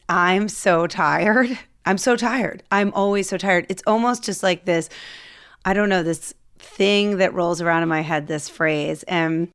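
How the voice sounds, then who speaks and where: A woman's voice: medium pitch, fairly bright tone, clear, resonant tone. A woman podcast host in her thirties, chatting casually and self-deprecatingly with lots of fillers. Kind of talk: casual podcast intro monologue.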